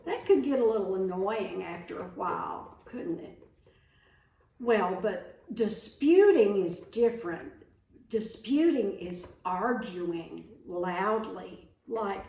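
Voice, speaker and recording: A woman teaching a Bible lesson to children in a slow, playful, sing-song way, speaking to them directly. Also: medium pitch, expressive, vocal fry, darkish tone. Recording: echoey room, mic at a distance.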